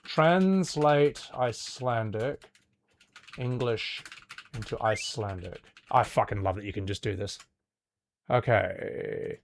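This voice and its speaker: A man's voice: mid-range voice, takes it slowly, gravelly, background noise. A young Australian man streaming live, reacting to trailers in a casual, sweary, ranting way.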